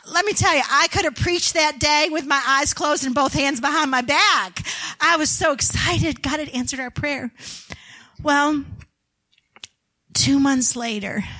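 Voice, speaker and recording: Middle-aged woman speaker, high-pitched, earnest story-driven testimony for a women's event. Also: bright, forceful tone. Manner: earnest storytelling, voices family members in quotes. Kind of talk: testimony sermon with prayer. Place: indoor gathering of women.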